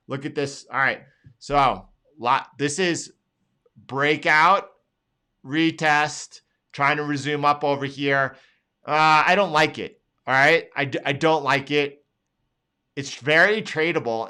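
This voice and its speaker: A man's voice: mid-range voice, pushed and bright, clear, resonant tone. A man hosting a trading show, walking through charts live and talking in an emphatic, repetitive way, at times pleading with viewers. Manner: emphatic, pleading, repeats phrases. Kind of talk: live market analysis.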